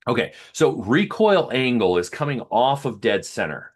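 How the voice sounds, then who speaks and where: A man's voice: mid-range voice, big pitch swings, moderate pace, breathy edge. A man hosting a video, walking methodically through test numbers step by step and explaining each one to viewers. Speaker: host comparing rifles.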